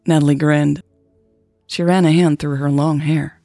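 Gravelly-voiced woman reading a romance story. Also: low voice, steady tone, moderate pace, warm tone, dry recording, soft background music. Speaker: podcast narrator. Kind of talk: scripted narration of a romance story.

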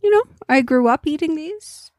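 A woman's voice: high-pitched, lively intonation, moderate pace, a little mellow, no room sound, studio quality. A woman co-hosting a podcast, chatting casually as she tastes food, laughing often and talking with her mouth full. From Canada. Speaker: podcast co-host. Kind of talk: casual food-tasting chat.

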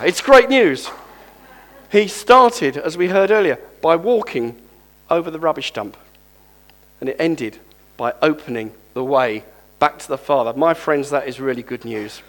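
A male preacher giving a sermon, reading scripture aloud and lively calling on the congregation to respond. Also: a little high.

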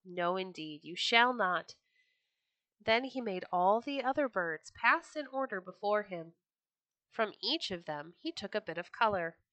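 Bright-voiced woman reading storybooks. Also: mid-range voice, normal speed, no room sound. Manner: expressive, raises her voice for quoted birds.

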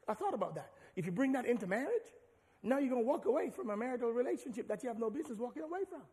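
A man preaching a sermon as pastor, animated and rising to shouts. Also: extremely high pitch, racing. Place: large church hall. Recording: long hall reverb.

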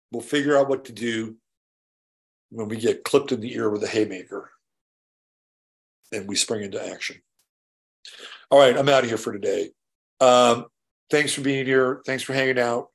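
A man hosting a casual solo show, his voice gravelly with plenty of fry. He rambles through a story and keeps checking in with "right?" between restarts. He swears now and then in an easygoing way. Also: mid-range voice. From California. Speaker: show host.

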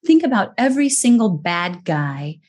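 A woman's voice: medium pitch, moderate pace, husky. A middle-aged American woman, a guest expert, explaining earnestly in a conversational interview. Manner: earnest, explanatory, lively emphasis.

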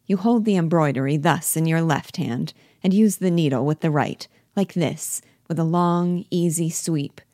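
A woman's voice: sits low, moderate pace, hardly any pauses, dark tone, no room sound, studio quality. Woman reading as a smug, patronizing husband. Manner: lecturing, pleased with himself. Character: self-satisfied husband, a man, fussy and patronizing. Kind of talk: reading a play aloud.

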